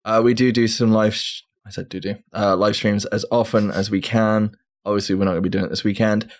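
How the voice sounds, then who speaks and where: A man's voice: lowish voice, flat delivery, a little fast. A man co-hosting a gaming podcast, casual and teasing, laughing often. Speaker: podcast co-host. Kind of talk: casual banter.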